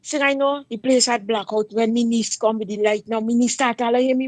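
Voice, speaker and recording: A woman with a fairly high voice tells her own story on a talk show at normal speed with few pauses, and there's no echo. She speaks emphatically in dialect and keeps turning to the listener.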